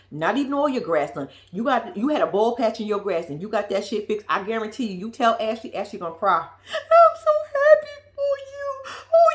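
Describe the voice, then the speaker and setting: A woman giving a profane, animated recap of a reality show, acting out quotes in a blunt, sassy way. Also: on the high side.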